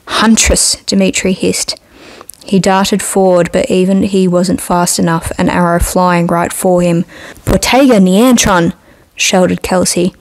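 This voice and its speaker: A woman author reading a chapter of her own novel aloud in steady storybook narration. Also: lowish voice, no echo.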